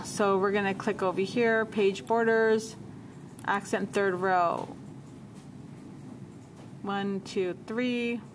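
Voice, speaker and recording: Lady teacher clicking thru a computer lesson, higher voice, bit of hiss behind her. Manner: talks herself through steps, repeats menu names. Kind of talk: software tutorial walkthrough.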